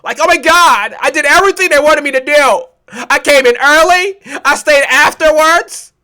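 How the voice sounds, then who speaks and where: A wronged, whiny worker who pleads that they did everything right, voiced by a male preacher pushing his already high voice even higher. The delivery is bright and drawn out. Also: normal speed, heavily acted. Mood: aggrieved whining. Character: plaintive fired worker complaining online.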